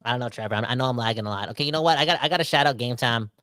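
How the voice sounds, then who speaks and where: Fast-talking, excitable man in his thirties. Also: mid-range voice, smooth, no echo. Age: 30s. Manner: excitable, exaggerated ranting. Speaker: podcast co-host. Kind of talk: emotional sports podcast chat.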